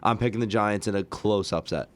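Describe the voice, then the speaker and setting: A young man co-hosting a casual sports talk show, excitable and quick to protest when teased. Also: on the low side. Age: young adult. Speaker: co-host.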